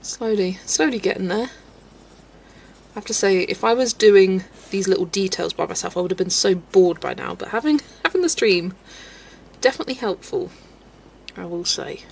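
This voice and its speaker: Brief: woman, stream host, mid-pitched, giggly and chatty, faint background noise. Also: lively intonation, normal speed, gravelly. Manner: giggly, chatty, answers chat. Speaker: livestream host. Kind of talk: casual chat while colouring.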